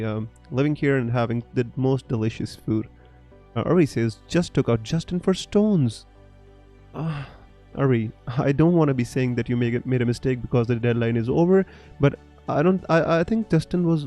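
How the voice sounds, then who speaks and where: A man's voice: mid-range voice, mellow. A man from Punjab with a Punjabi Indian English accent, chatting casually on a live stream and reading out viewer questions in an easygoing, chatty way. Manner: chatty, easygoing, peppered with "you know" and "bro". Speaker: fantasy football streamer.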